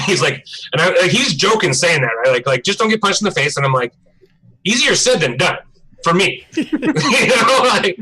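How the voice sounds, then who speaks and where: A young man chatting casually on a live stream, telling a profane, animated story. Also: on the high side, rough recording. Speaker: livestream co-host.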